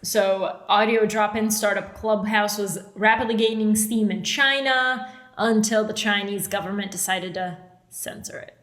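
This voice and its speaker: A woman co-hosting a casual podcast, bubbly and quick to laugh as she moves through the topics. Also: medium pitch, steady tone, a bit bright. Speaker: podcast co-host. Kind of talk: casual banter. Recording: roomy echo.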